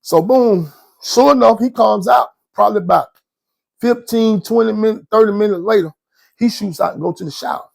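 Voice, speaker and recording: Husky man telling a story. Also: high voice, normal speed. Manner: animated, slangy, laughs often. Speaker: host storyteller. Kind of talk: casual storytelling.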